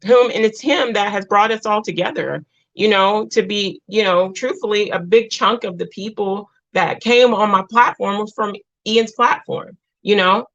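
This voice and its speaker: Woman, livestream host, heartfelt rambling chat; dull low-fi stream audio. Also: normal speed, fairly bright tone. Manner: rambling, heartfelt, with many restarts. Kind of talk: emotional livestream chat with viewers.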